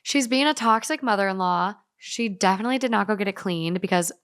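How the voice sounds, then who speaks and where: A woman co-hosting a casual podcast, reading a story aloud in a brisk, playful way. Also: medium pitch, smooth, no room sound, studio quality. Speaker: podcast co-host.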